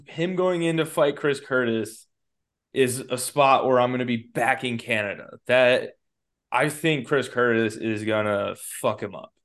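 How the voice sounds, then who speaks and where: A man hosting a casual sports betting podcast, blunt and a bit weary, moving the talk along. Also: medium pitch. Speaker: podcast host running the segments.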